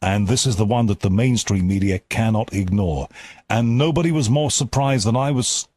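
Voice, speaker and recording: A man's voice: fairly low pitch, moderate pace, darkish tone, no echo. A man from the UK hosting an interview, chatty and given to repeating and restarting words. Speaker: interviewer and host. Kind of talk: casual interview chat.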